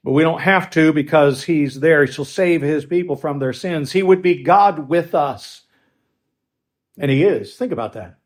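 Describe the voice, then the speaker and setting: A man preaching a sermon with emphatic stresses and quiet asides, stopping now and then to restart a phrase. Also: a little high, normal speed. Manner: swings between loud stresses and quiet asides. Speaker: pastor.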